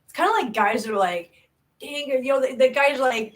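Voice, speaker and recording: A woman's voice: sits high, poor audio. A woman, chatting casually with viewers on her livestream, rambling and self-deprecating. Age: 40s. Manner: animated, rambling, self-deprecating, quick bursts. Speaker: channel host. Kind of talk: casual livestream chat reading comments.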